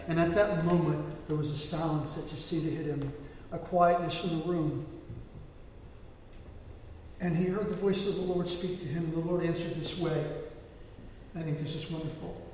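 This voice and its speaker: A male pastor preaching earnestly, telling a story and often restarting his words. His voice sits high for a man and rings through a large echoey hall from a distance. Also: normal speed, pauses often, a little mellow, a little hiss or hum. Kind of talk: sermon.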